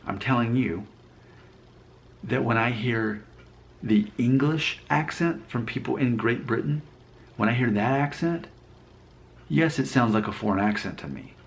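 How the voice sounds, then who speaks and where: A man's voice: mid-range voice, measured pace, pauses often. A man from Alabama talking casually to camera, rambling and self-deprecating as he thinks aloud. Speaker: vlogger. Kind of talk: casual talking-head commentary.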